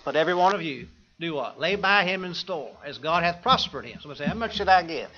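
Man, preacher, sermon, bright forceful tone, slightly high voice, muffled lo-fi sound. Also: lively intonation, fast talker. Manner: asks the congregation questions, quotes scripture.

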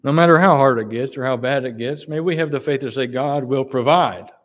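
A man delivers a sermon in a mid-range voice, reading scripture in King James language and pressing his listeners with slow, emphatic rhetorical questions.

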